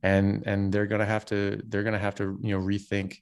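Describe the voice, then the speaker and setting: A man who is a doctor, a guest on a podcast interview, telling stories in an animated way with frequent restarts. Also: lowish voice, a little fast. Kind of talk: casual interview conversation.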